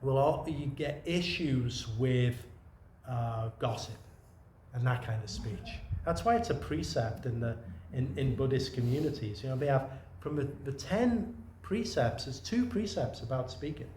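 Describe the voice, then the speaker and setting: A male Zen teacher gives a loose, conversational dharma talk, wandering through asides and restarting his phrases. His voice sits at an ordinary middle pitch. The room adds a noticeable echo, with a faint hum of ambience behind him. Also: animated, unhurried. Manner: meandering, conversational, many restarts and soft asides. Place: meditation retreat room.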